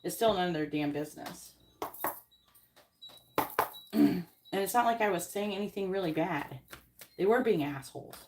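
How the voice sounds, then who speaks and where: A woman's voice: lowish voice, moderate pace, long pauses, darkish tone, slight background noise. A woman who hosts tarot readings, telling a story in an indignant, casual rant full of swearing and fillers. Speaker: tarot card reader host.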